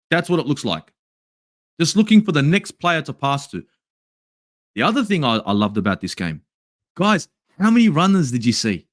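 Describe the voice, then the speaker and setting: Ranting Australian man, lively pitch. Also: a little fast, dry recording, clean studio sound. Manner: angry, swearing, exasperated ranting. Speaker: football channel host. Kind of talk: ranting match review. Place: home in Sydney at night.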